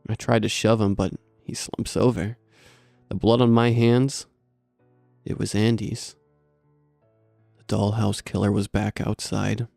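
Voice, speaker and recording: A man narrates a horror story in steady, grim tones. His voice is low, flat and gravelly, with a dark, mellow timbre, and faint music sits behind it. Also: unhurried, long pauses, no room sound.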